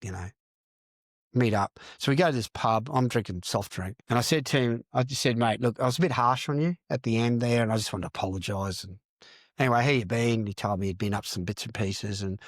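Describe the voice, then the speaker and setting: A man's voice: mid-range voice, fairly quick, no echo. Middle-aged man, Australian accent, blunt storyteller, dry close sound. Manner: blunt, sweary, animated storytelling with "mate". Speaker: podcast guest, recovering addict and counsellor. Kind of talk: candid storytelling interview.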